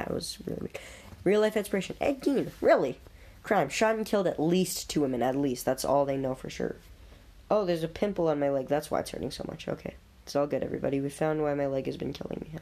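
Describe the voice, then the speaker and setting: A video host reading through a list and reacting on the fly, chatty and blurting out quick comments, often stumbling over names. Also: medium pitch, darkish tone.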